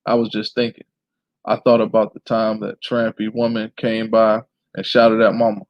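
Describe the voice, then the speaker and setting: A man reading a memoir aloud in a plain, steady way, now and then clearing his throat. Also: on the low side, normal speed, dry recording, dull audio. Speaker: reader.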